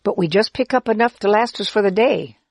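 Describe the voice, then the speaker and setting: A woman's voice: mid-range voice, a little fast, darkish tone, no room sound, pitched above the performer's own voice, lightly acted. A woman voicing a friendly, helpful Israelite man who cheerfully explains camp life in a children's story. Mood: explaining. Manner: kindly, cheerful, explaining patiently.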